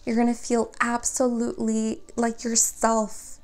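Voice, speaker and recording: A woman's voice: a little high, completely flat delivery, a little slow, darkish tone. A woman giving a spiritual tarot reading, talking earnestly and encouragingly straight to her viewers, with many fillers. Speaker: tarot reader.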